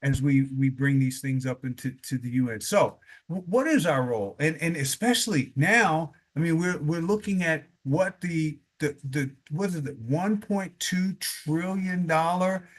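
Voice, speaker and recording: Guy cohosting a politics podcast, kinda high voice, stammers and repeats words. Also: unhurried, hardly any pauses. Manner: stammers, repeats words before getting going. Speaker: podcast co-host. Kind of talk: casual political discussion.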